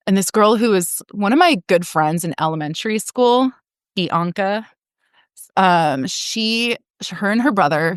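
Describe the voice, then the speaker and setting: A woman's voice: lowish voice, smooth, dry recording, studio quality. A woman in her forties, a podcast guest telling her own story frankly, with frequent laughs and casual swearing. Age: 40s. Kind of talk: candid personal storytelling.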